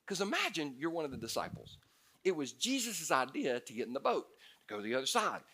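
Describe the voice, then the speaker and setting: Bright-voiced animated male pastor preaching. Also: on the high side, a little fast, husky. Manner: animated, swings from loud to hushed. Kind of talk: sermon.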